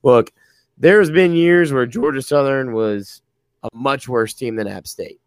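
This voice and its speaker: A man's voice: medium pitch, measured pace, clear, resonant tone, no room sound. Guy breaking down a rivalry game, earnest, mid voice, dry close mic. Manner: earnest, building arguments. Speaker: podcast co-host. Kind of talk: casual sports analysis.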